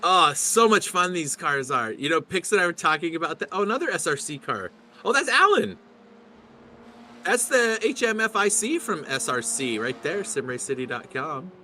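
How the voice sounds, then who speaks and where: A man's voice: fairly high pitch, sing-song, fairly quick, few pauses, pushed and bright, a little hiss or hum. A middle-aged man commentating a sim race, chatty and rambling, often laughing.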